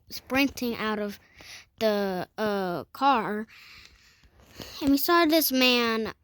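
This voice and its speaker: A woman telling a storytime vlog in a rambling way, full of fillers and self-corrections. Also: fairly high pitch. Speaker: vlogger.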